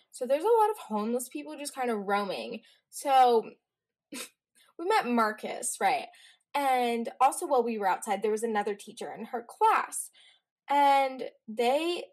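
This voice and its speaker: A teenage girl hosting her own podcast, telling stories in a chatty, rambling way with quick asides. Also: fairly high pitch, a little mellow. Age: teens. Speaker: podcast host. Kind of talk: casual solo podcast chat.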